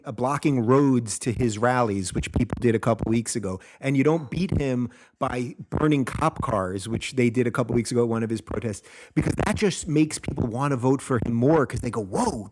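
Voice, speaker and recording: A man in his thirties, a guest on a podcast, speaking emphatically and persuasively, his voice a bit hoarse. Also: mid-range voice, normal speed, darkish tone. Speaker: podcast guest, talk show host. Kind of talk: casual interview chat.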